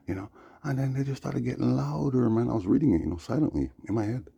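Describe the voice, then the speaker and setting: A man's voice: mid-range voice, animated, fast talker, vocal fry, warm tone, slightly rough. A man, talking in a rambling monologue that slides between chanted praise and loose storytelling, with "you know what I'm saying" coming up again and again. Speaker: vlogger. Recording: dull lo-fi recording.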